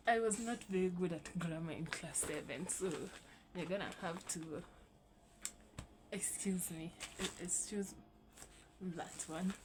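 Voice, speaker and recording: A woman's voice: lowish voice, measured pace, long pauses, background noise. A young woman hosting a casual vlog, rambling and swearing lightly as she reads her old writing aloud. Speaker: YouTube host.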